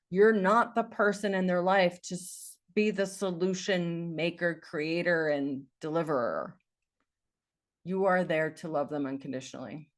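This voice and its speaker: A woman life coach giving an earnest, encouraging talk, repeating phrases for emphasis. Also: on the low side.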